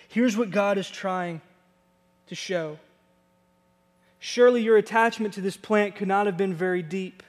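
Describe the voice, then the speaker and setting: A man's voice: high-pitched, a little slow, long pauses, big-room sound. A man preaching a sermon as pastor, in an emphatic, conversational way.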